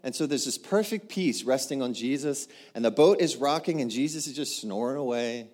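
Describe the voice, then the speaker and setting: A man's voice: mid-range voice, animated, normal speed, a little mellow. A man preaching a sermon, emphatic and punchy, often driving a point home through repetition. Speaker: pastor.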